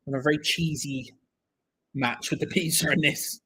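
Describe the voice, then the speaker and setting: A young man hosts a live football watch-along, joking, bantering with viewers and calling the play as it happens. His voice is husky and a little breathy, pitched somewhat high for a man. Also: fairly even intonation, moderate pace, pushed and bright, poor audio. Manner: chatty, jokey, reads viewer comments aloud.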